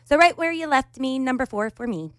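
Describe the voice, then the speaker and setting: A woman's voice: high-pitched, brisk, no echo, studio quality. A woman co-hosting a podcast, chatting casually and emphatically. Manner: animated, emphatic. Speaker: podcast co-host.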